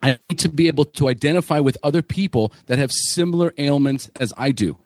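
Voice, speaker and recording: A man's voice: on the high side, a little fast, darkish tone, dry recording. A middle-aged man hosting a podcast panel, talking bluntly and jokingly and swearing freely. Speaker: podcast host. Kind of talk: casual panel discussion.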